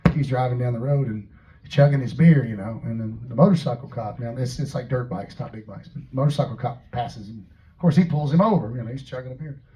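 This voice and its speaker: Between songs at a house concert, a Tennessee singer-songwriter jokes around and shares easygoing stories. His mid-range voice is warm and fast, though the audio sounds dull.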